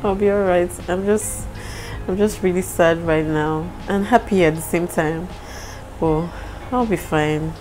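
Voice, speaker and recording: Low-voiced Nigerian woman vlogging. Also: slow pace, darkish tone, faint music behind, poor audio. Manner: emotional, tearful and apologetic. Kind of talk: casual vlog talk to camera.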